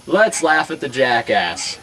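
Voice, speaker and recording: A man's voice: mid-range voice, sing-song, slow pace, bright, forceful tone, a little hiss or hum, pitched above the performer's own voice, full character voice, rough recording. A man voicing a mocking old male circus clown who taunts and jeers at a man in the crowd.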